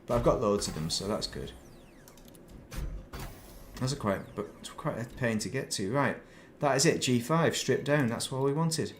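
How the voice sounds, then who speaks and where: A man's voice: mid-range voice, expressive, normal speed. A man in mid-range voice talks his way through a game session on stream, drifting off on tangents and poking fun at himself. A faint hum of ambience sits under his close desk mic. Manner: rambling, chatty, self-deprecating asides. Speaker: gaming streamer. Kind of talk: casual live-stream chat while playing.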